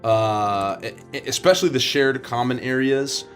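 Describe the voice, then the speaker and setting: Male tabletop player, mid-pitched, casual and a bit hesitant, faint music behind. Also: normal speed, fairly bright tone.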